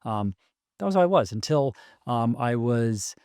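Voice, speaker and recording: A man in his forties telling a personal story as a podcast guest, halting and restarting often with many ums. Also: mid-range voice, expressive, a little mellow, dry recording, studio quality. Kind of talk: casual storytelling conversation.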